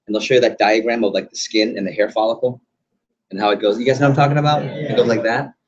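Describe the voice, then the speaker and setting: A man's voice: mid-range voice, fairly even intonation, fast talker, dull audio, crowd noise. A man running an interactive sales training session, quizzing the room and acting out examples. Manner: quizzes audience, acts out examples.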